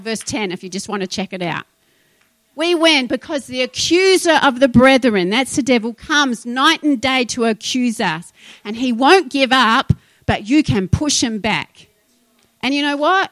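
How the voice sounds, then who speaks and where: A middle-aged woman preaching a sermon, feisty and emphatic, moving between loud declarations and quiet asides. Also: high voice, dry recording.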